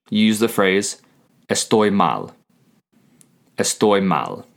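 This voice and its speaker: A man with a somewhat low voice reads a scripted beginner Spanish lesson for his podcast. He speaks slowly and carefully, repeating each phrase twice so listeners can follow. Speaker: Spanish teacher, podcast host.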